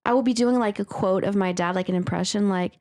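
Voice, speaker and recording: A woman co-hosting a podcast, chatting casually and often pausing to search for words. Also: mid-range voice, darkish tone. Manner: chatty, searches for words, uses many fillers. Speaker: podcast co-host. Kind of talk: casual chat about reader stories.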